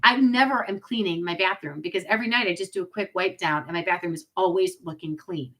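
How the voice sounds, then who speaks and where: A woman's voice: fairly low pitch, fast talker, fairly bright tone, rough recording. A woman in her forties hosting a live product demo on webcam, chatty and upbeat, with asides to her viewers. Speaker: product party host.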